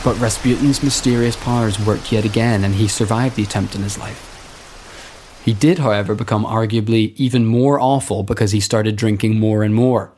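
A man's voice: lowish voice, steady tone, moderate pace, a little mellow. Laid-back man telling a history tale. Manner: laid-back, laughs along, retells events with put-on quotes. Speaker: podcast co-host telling a history story. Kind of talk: casual storytelling chat.

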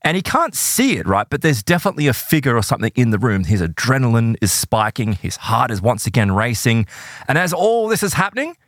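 Guy telling a spooky story on a podcast, lively, keeps saying right? and like, dry mic. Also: medium pitch, fairly quick, dry recording. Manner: animated storyteller, many fillers like "right?" and "like". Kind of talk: casual paranormal storytelling.

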